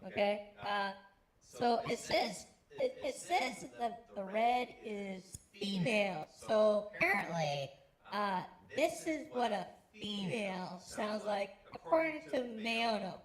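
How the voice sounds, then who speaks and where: A man talking through a pitch-raising "female" voice-changer preset, rambling and mocking himself. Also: animated, takes it slowly, exaggerated voice. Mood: amused.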